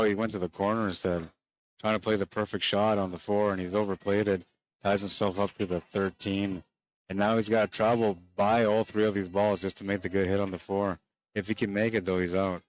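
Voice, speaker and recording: A man giving relaxed, chatty live play-by-play commentary on a pool match, a little worn down late in the day and talking straight to stream viewers. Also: deep voice, no room sound.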